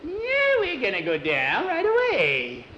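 Man voicing a teasing witch, giggly, high and swooping, echoey room. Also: huge pitch swings, slow pace, bright, forceful tone, dull audio, a little hiss or hum, heavily acted. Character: cackling, playful woman witch. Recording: echoey room with faint ambience.

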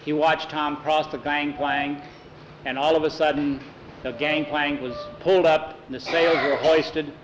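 A man telling a story aloud in a plain, unhurried way. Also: a little high, flat delivery, a little hiss or hum, rough recording.

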